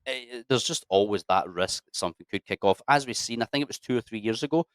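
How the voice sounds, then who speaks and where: Low-pitched and fast-talking with lively intonation, a thirty-something former soldier shares his experiences in a relaxed interview, recorded without echo. He's blunt, curses freely, addresses people as mate and lads, and frequently clears his throat.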